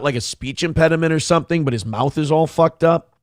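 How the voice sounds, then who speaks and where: A male live-show host rants with a gravelly edge, his pitch swinging widely. He is sarcastic and foul-mouthed and reads chat messages aloud. The sound is dry and close, with no room around it. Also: animated, fast talker, no room sound. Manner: profane, ranting, sarcastic. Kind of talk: live-stream rant reading chat.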